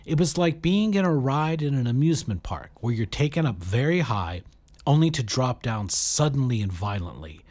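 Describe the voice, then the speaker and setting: Male narrator, lively pitch, storybook reading voice. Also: moderate pace. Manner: animated, raising his voice sharply for shouted dialogue. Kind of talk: audiobook-style story narration.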